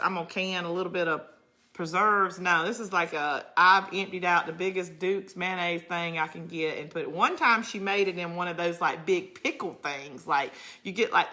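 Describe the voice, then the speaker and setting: Chatty Southern woman with a bright voice. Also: lowish voice. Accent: Southern US, Georgia. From Georgia, USA. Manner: chatty, rambling storyteller who laughs often. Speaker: crafting channel host. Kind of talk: casual livestream chat, reading viewer comments.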